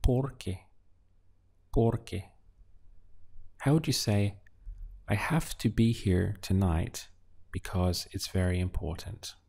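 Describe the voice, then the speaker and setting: Slow, gravelly male language teacher. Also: sits low, expressive, a little mellow. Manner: patient prompts, then clear model answers. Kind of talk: slow, deliberate language lesson with pauses.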